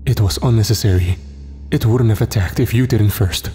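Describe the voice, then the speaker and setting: A man's voice: on the low side, normal speed, warm tone, soft background music, close to an everyday voice. A man voicing a stern male god who is a father, speaking firmly and hard in a horror story. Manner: firm, hard.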